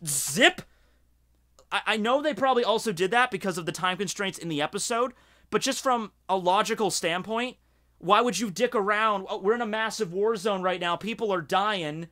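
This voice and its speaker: A man from Scotland giving casual, rambling video commentary, excited and swearing freely, with lots of fillers. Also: high-pitched, fairly quick. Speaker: video reviewer.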